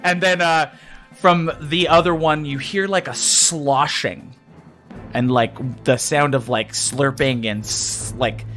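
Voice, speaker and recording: A man's voice: on the high side, steady tone, slow pace, fairly bright tone. A man narrating a tabletop game as dungeon master, chatty and loose, with plenty of fillers. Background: faint music.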